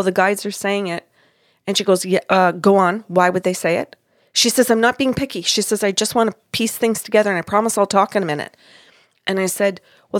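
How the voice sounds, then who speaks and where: A woman's voice: medium pitch, dry recording, clean studio sound. A woman hosting a podcast, chatting casually as she retells a reading and acts out the dialogue. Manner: animated, acts out quoted dialogue. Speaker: podcast host and psychic reader. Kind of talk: casual storytelling chat.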